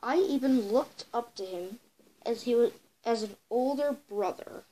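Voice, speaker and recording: A woman's voice: fairly high pitch, measured pace, mellow. A girl voicing a small, naive male chipmunk who sounds anxious and questioning. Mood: brooding.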